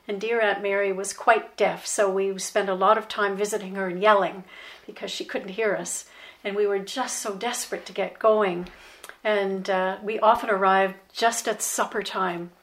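An older Canadian woman shares childhood memories in an unhurried storytelling way. She laughs lightly now and then as she recalls the past, her voice at an even middle pitch. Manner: warm nostalgic recollection, laughs often. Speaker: interview guest. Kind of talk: reminiscing storytelling.

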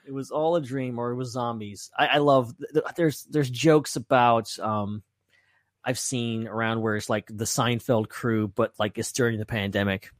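A man co-hosting a podcast in casual chat, talking in an excitable, rambling way. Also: medium pitch, moderate pace, no room sound, clean studio sound. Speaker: podcast co-host.

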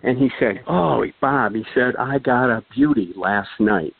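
A man's voice: medium pitch, measured pace, creaky, breathy edge, no echo. An older man tells a long story in a casual, rambling way, full of fillers and restarts. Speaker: guest storyteller. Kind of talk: casual anecdote telling. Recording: dry, phone-like thin sound.

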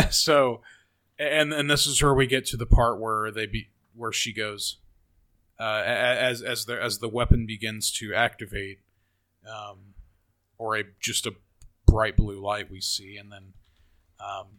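A man's voice: fairly low pitch, steady tone, unhurried, fairly bright tone. A man casually discussing a film on a podcast, hesitant and stumbling over his words. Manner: hesitant, many fillers and restarts, laughs. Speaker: podcast co-host.

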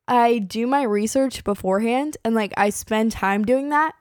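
A woman's voice: a little high, normal speed, a little mellow, no room sound. Young female podcast co-host, chatty and giggly, dry close mic. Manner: chatty, giggly, heavy on filler words. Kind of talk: casual chat.

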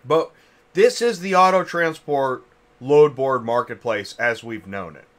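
Chewing a cough drop, a podcast host leads a casual industry chat in an expressive, mid-range voice at a slightly slow pace. He rambles and thinks out loud, restarting himself often.

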